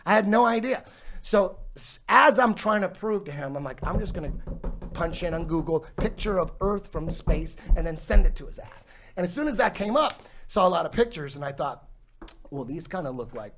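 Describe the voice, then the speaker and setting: A man in his forties tells a rambling story at a loose, animated clip, peppering it with swearing and laughter. His voice sits a touch high for a man, and the talk is casual and unscripted. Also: gravelly, slight background noise. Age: 40s. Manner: profane, animated, laughs while telling. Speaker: podcast guest telling a story.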